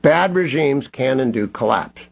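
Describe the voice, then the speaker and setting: A man hosting a radio talk show, speaking in a measured, emphatic way with occasional fillers. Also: mid-range voice, lively intonation, vocal fry, husky.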